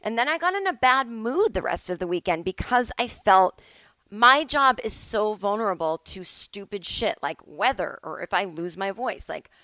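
A woman's voice: medium pitch, expressive, normal speed, sharp tone, dry recording, poor audio. A woman hosting her own podcast from home, talking in a loose, rambling way that often breaks off mid-thought. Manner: rambling, chatty, self-interrupting. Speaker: podcast host. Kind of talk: casual solo podcast monologue.

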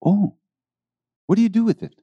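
An older guru, as a storyteller puts him on, pitched well above his normal voice, playing innocent and pretending to be cranky. The sound is dull and muffled. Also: normal speed, mellow, slightly rough, no room sound. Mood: mock innocent. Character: older Indian male guru, mock-cranky and playful.

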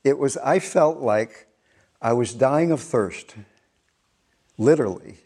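An older man tells a spiritual story in a slow, musing way, laughing softly now and then. His voice is gravelly, with a dark, mellow tone. He sounds tender and reflective. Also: mid-range voice, expressive.

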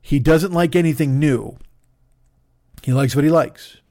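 A man hosts a solo comedy podcast from a desk in his home studio, speaking into a studio microphone. He rambles and cuts himself off with sarcastic asides. His mellow voice is a little high and a little slow.

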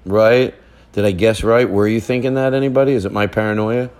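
A man's voice: on the low side, steady tone, a little fast, darkish tone. A middle-aged man hosting a casual podcast from a relative's living room, rambling and joking as he goes. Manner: rambling, joking, self-interrupting. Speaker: podcast host. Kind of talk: casual chat recorded with family. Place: living room at a relative's house, fire going.

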